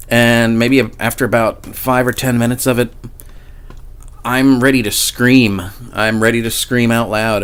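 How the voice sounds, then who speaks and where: A man's voice: medium pitch, fairly bright tone, smooth. A man casually telling a personal paranormal story in a rambling, profane way, often restarting his sentences. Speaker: vlogger.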